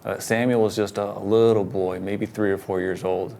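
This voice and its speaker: A middle-aged man, a pastor, telling personal stories in an earnest, casual conversation, getting animated when he quotes himself. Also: on the low side, normal speed, vocal fry, slight background noise. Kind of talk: casual conversation about faith.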